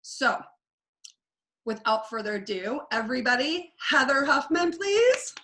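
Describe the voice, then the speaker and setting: A woman hosts over a video call and introduces a guest with emphatic enthusiasm. Her voice is somewhat high and carries through the call. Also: unhurried, a bit bright. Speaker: host.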